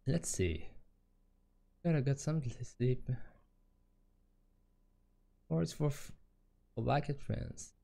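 A man's voice: mid-range voice, drawn-out words, vocal fry, long pauses, dark tone. A man with a Quebec French accent, streaming a horror game and reading its text aloud with musing asides. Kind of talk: live game commentary.

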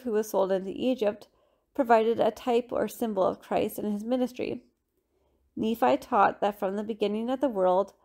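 Female reader for a scripture study lesson, steady and measured, with a gravelly, warm tone. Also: mid-range voice. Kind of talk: scripted reading.

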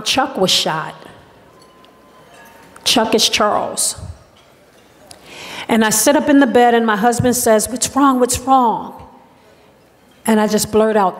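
A middle-aged woman giving a personal testimony speech at a banquet, telling her story slowly and deliberately with dramatic pauses into a podium microphone. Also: medium pitch. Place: large hotel banquet hall. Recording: long hall reverb.

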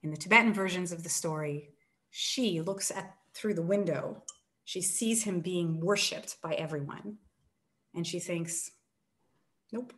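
An author, a woman, retelling an old tale with animated storytelling and acted-out quotes. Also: on the low side, measured pace. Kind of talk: book talk, retelling a story.

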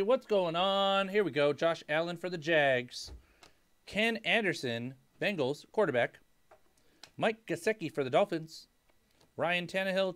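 A young man hosting a casual live-stream card break, hyping each card with loud call-outs of player names. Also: high voice.

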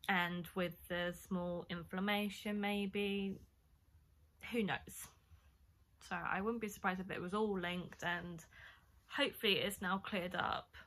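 A woman's voice: fairly low pitch, fairly even intonation, slow, fairly bright tone. A young woman, casually telling a story-time vlog, chatty and rambling with lots of fillers. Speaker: vlogger.

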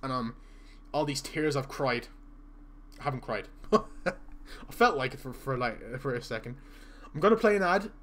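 A man's voice: mid-range voice, measured pace, pauses often, fairly bright tone, slight background noise. A young man, chatting and joking casually through a live gaming stream while he reads out viewer messages.

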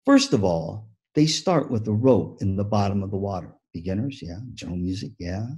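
A man giving a motivational keynote talk on music teaching, an animated storyteller who acts out the story. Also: fairly low pitch, brisk, slightly rough. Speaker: music education speaker.

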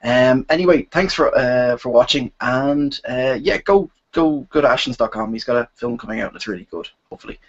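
A man with a husky, breathy voice speaks in a deadpan, mock-solemn way while reviewing food for comedy. His voice sits at an ordinary pitch. The sound is dull and lo-fi, as if taken from an old web video. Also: fairly quick, hardly any pauses.

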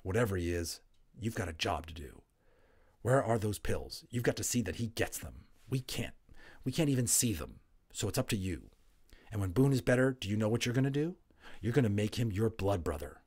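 An earnest young boy read by a man who talks firmly and persuasively, with a lively, rising and falling voice. It stays close to the reader's own tone in a storybook reading. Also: lowish voice, fairly quick, breathy edge.

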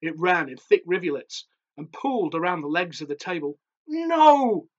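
Husky male author reading horror. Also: fairly high pitch, steady tone, lo-fi sound. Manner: measured, darkly theatrical storytelling. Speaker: author reading his story. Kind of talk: dramatic horror story reading.

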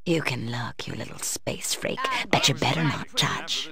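A woman's voice: fairly low pitch, big pitch swings, moderate pace, crowd noise. An actress voicing a power-hungry, feisty woman in a video game who hisses taunts. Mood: taunting. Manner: hissing, taunting. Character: power-hungry female agent, feisty and scheming.

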